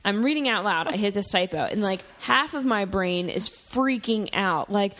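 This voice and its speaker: A woman who runs a small press, chatting casually and telling lively stories in which she acts out her own thoughts. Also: mid-range voice, fast, few pauses. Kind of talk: casual chat.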